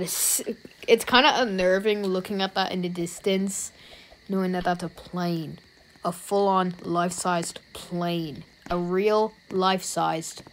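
A woman with an Irish accent giving let's-play commentary as a YouTuber, talking to herself and reacting with jumpy, excited outbursts. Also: lowish voice, slight background noise, low-quality recording. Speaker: YouTuber playing a game.

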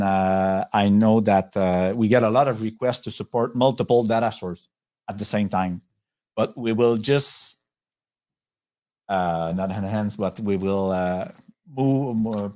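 A man with a French accent, a software company executive giving a webinar presentation, talking in a halting way with many pauses and restarts over a video call. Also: lowish voice.

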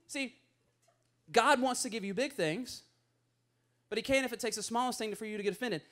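High-voiced animated pastor. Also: male voice, normal speed, pauses often. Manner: animated, playful, acts out voices in stories. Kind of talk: sermon.

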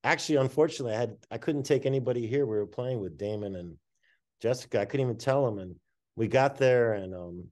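Animated slangy man telling a story. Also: medium pitch, fast talker. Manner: animated, slangy, swears freely. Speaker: guest artist. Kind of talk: casual storytelling.

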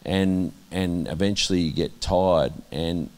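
Deep-voiced Australian man, earnest testimony. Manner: earnest, halting, many restarts, drops soft when quoting God. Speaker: interviewee, minister. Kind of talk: candid conversational testimony.

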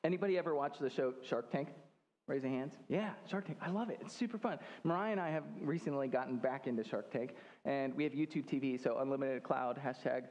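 A man's voice: fairly high pitch, darkish tone. An American man preaching a sermon as pastor, talking conversationally with joking asides. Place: church hall. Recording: long hall reverb.

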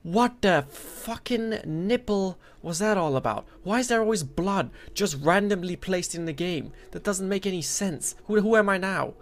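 A man commentating his play of a horror game, joking and cursing, and breaking into loud frightened yelps when scared. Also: high voice, animated, normal speed, hardly any pauses, slight background noise. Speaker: gameplay commentator.

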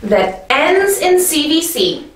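A woman with a slightly high voice teaches a grammar lesson at an unhurried pace. She talks in a clear, patient way and keeps checking in with the listener. The room sounds echoey, and she is a little off mic. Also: sing-song, distant mic, slight background noise. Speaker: English teacher.

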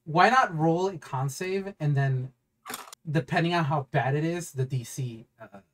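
A woman's voice: sits low, unhurried, slight background noise. A woman running a tabletop game, narrating in a rambling, stop-start way and swearing casually. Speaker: game master.

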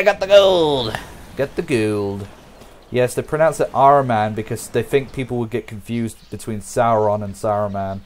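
Animated man commentating a strategy game. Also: mid-range voice. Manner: jokey, rambling, talks to the viewers. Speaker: gameplay commentator. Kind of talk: casual let's-play commentary.

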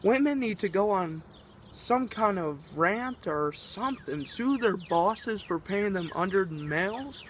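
Slow, ranting male vlogger. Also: high voice, expressive, a bit bright, a little hiss or hum. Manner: rambling, profane ranting. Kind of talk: casual ranting vlog.

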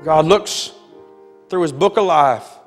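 A man preaching a sermon, telling a story dramatically and building to shouts. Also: fairly high pitch, takes it slowly. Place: church sanctuary. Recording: long hall reverb with faint music.

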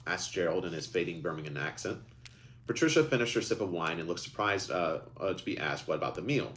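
A man's voice: deep voice, animated, brisk, a bit bright. A man reading his own story aloud live, lifting his voice for characters and often stumbling and restarting lines.

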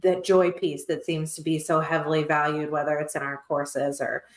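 A woman's voice: low voice, flat delivery, moderate pace. A woman co-hosting a podcast, speaking in a casual, reflective way. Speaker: podcast co-host. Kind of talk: casual chat. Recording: echoey room.

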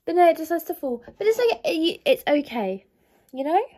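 Sitting in her bedroom at home, a young woman chats to her phone, which is mounted on a ring light, in a rambling, bubbly vlog. Her very high-pitched, mellow voice swings widely in pitch at a normal speed.

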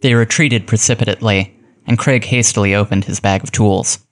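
A man reads a classic mystery aloud in a measured, steady storytelling delivery. His voice sits somewhat low. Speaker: audiobook narrator. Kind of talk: scripted audiobook narration.

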